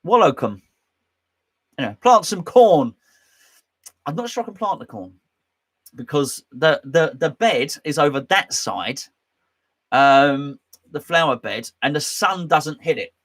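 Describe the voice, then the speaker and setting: Man, host, casual live-stream chat, rambling, jokey, a bit higher-pitched voice. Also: expressive, measured pace, a bit bright. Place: home man cave.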